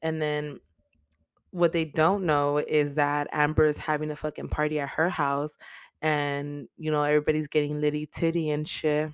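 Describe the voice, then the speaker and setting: A host recaps a horror film in loose, profane slang, leaning on filler words and dropping into quick voices for the characters. The voice is smooth and clear. The recording is close and dry, with no room sound. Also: medium pitch, monotone, no echo. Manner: profane, chatty, slangy storytelling. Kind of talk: casual movie recap.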